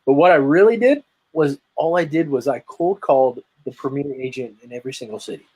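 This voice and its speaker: A man's voice: mid-range voice, fairly quick, warm tone, husky, low-quality recording. A man speaking as a guest on a video call, telling his story with energy, emphasis and many restarts. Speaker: guest, lead generation marketer. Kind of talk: casual interview chat.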